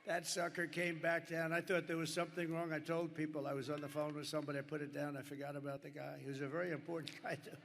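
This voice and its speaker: A man's voice: on the high side, little pitch movement, quick pace, gravelly, few pauses, a bit bright. An older man giving a rambling rally speech from a podium microphone, full of superlatives and asides to the crowd. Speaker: political candidate at a campaign rally. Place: large packed rally venue. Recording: echoey arena sound with crowd noise.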